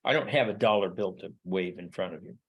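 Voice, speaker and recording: A man's voice: low voice, fairly quick, breathy edge. Middle-aged male history teacher, emphatic, rhetorical lecture style. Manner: emphatic, with repeated rhetorical questions. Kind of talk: classroom lecture.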